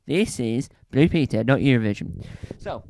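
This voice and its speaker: A man telling a rambling, animated comedy story as a stand-up comedian. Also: medium pitch, normal speed. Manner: animated, rambling, acts out bits.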